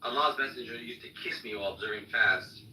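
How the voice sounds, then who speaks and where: A man hosting a casual debate stream, joking and reading texts aloud in an animated way. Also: medium pitch, quick pace. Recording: echoey room from a distance, faint noise.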